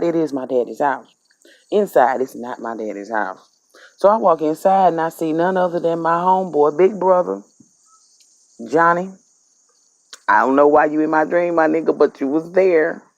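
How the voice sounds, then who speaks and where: Low gravelly Southern woman telling a story. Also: no echo. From Mississippi. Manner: animated, dialect-heavy retelling of a dream. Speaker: spiritual vlogger. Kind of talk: casual storytelling.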